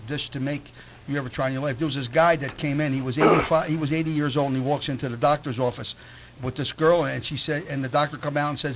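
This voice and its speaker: Male radio co-host, playful jokester, high bright voice. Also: quick pace, slight background noise, poor audio. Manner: teasing, jokey. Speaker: host chef. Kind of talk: radio show banter and joke telling.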